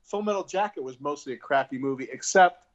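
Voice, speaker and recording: A man's voice: on the high side, lively intonation, quick pace. A man in a casual chat, reminiscing bluntly and cursing. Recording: dull lo-fi line.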